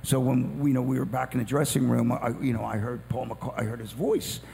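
A man with a gravelly voice chatting with enthusiasm, full of restarts and eager agreement. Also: medium pitch, little pitch movement, a little fast, mellow. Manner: enthusiastic, many yeahs and restarts. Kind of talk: casual chat. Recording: long hall reverb with faint hum.

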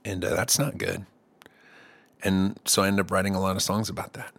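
A man's voice: low voice, fairly even intonation, brisk, a bit bright, breathy edge. Rambling, joking middle-aged man host. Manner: loose, comic, with playful put-on voices. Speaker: podcast host and songwriter. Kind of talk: casual rambling monologue.

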